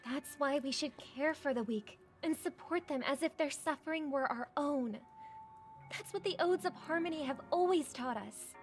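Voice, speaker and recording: A woman voicing an earnest, idealistic young woman who preaches caring for the weak, with a gentle voice in quiet game audio under music. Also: high voice, moderate pace, lightly acted. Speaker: game character voice line.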